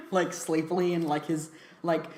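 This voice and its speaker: A woman's voice: on the low side, fairly even intonation, measured pace, darkish tone, reverberant. A woman giving a casual film review, talking chattily with lots of fillers and frequent laughs.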